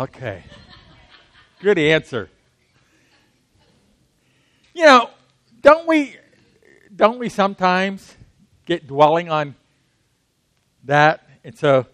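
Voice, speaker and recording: A man with a notably high voice delivers a sermon, talking with the congregation and throwing questions at them. The sound is dry and close, with little room reflection. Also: fairly bright tone, no echo. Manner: conversational, asks the congregation questions. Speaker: preacher.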